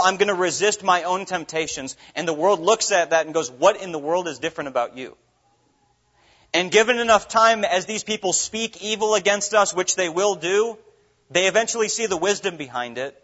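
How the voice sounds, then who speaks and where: A man's voice: sits high, fairly bright tone. A man from Minnesota preaching a sermon as pastor, earnest and full of rhetorical questions. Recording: dull lo-fi recording.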